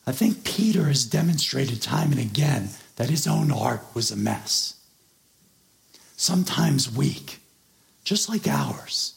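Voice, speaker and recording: A man's voice: medium pitch, lively intonation, slow pace, creaky. A man preaching a sermon as pastor, earnestly explaining a scripture passage and stressing key words.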